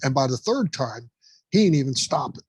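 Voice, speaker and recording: A man guest on a podcast, a fire training instructor telling stories in an emphatic, profane, animated way. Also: medium pitch, moderate pace, breathy edge, poor audio. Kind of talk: casual podcast storytelling.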